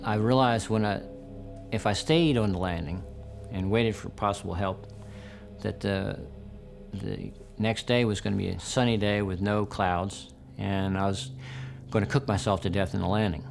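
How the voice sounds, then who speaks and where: A man's voice: lowish voice, steady tone, normal speed, creaky. A man giving documentary testimony about surviving a fall, speaking plainly and reflectively with a dry, self-deprecating touch. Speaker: survivor telling his story. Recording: music bed under interview.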